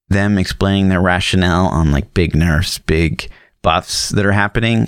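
A man's voice: low voice, vocal fry, no echo, clean studio sound. A man co-hosting a casual gaming podcast, talking bluntly with lots of fillers and swearing. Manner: rambling, filler-heavy, blunt and profane. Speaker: podcast co-host.

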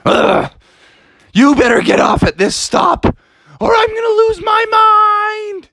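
A man's voice: medium pitch, moderate pace, vocal fry, a bit bright, slight background noise. A man voicing a huge, sleepy, grumpy male monster who keeps dozing off and begs for peace. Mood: exasperated. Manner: drowsy, exasperated, pleading.

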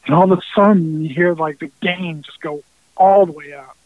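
A man's voice: a little high, fairly even intonation, normal speed, no room sound. Man with a tinny, phone-like sound. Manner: rambling, with many restarts and casual swearing. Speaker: musician guest. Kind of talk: casual storytelling interview.

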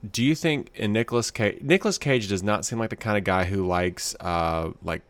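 A man's voice: on the low side, moderate pace, smooth, no room sound. A man co-hosting a casual podcast chat, rambling and playful, often repeating his words. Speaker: podcast co-host.

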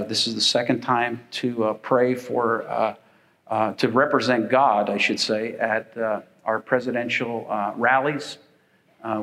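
A man's voice: medium pitch, a bit bright, low-quality recording. Older male pastor, folksy rambling sermon delivery. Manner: folksy, rambling, with frequent fillers.

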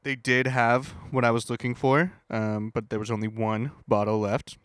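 Profane, animated podcast co-host man. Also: mid-range voice, normal speed, dry recording, studio quality. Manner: animated storyteller, profane, acts out people he met. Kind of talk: casual chat.

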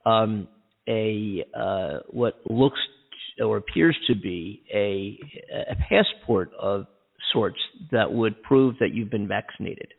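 Husky gravelly co-host on a phone line. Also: male voice, lowish voice, takes it slowly. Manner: rambling, many restarts and fillers. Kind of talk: casual call-in chat.

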